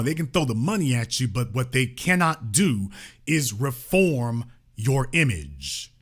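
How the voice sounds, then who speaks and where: Sarcastic man ranting with lively pitch. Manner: sarcastic, emphatic, colloquial. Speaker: political commentary host. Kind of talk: opinionated monologue.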